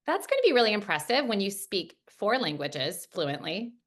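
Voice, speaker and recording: A woman's voice: mid-range voice, very animated, normal speed, a bit bright. A woman hosting a casual interview, asking questions and encouraging her guest. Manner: encouraging, laughs along. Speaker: podcast host.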